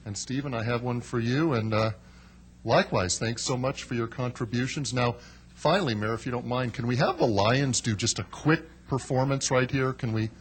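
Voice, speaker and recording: A man's voice: mid-range voice, moderate pace, slight background noise. A man presenting proclamations at a council meeting, in a genial, joking manner with frequent fillers. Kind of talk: ceremonial remarks.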